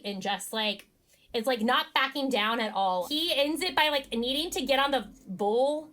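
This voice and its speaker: A young woman co-hosts a casual recap chat in a bright, slightly high voice. She tells stories with energy and acts out what people said, swearing freely. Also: unhurried. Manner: animated storytelling, quoting people with voices, swears. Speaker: podcast co-host.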